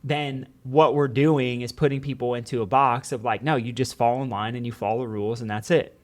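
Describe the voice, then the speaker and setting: An earnest man talking casually on a podcast, a former teacher with a mid-pitched voice. He tells stories through lots of quoted dialogue and scattered "like"s. He keeps an easy, conversational flow. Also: steady tone, brisk.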